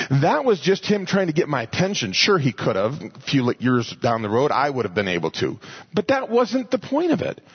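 A man's voice: a little high, slightly rough. A man teaching a sermon earnestly, often repeating words as he finds his thought. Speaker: Bible teacher. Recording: muffled lo-fi recording.

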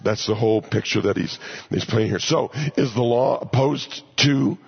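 A man with a deeply raspy, husky voice and a gravelly edge leads a Bible teaching. He talks it through conversationally and keeps asking his listeners questions. The sound is dull and lo-fi. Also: normal speed. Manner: conversational, asks rhetorical questions. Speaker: pastor. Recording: dull lo-fi recording.

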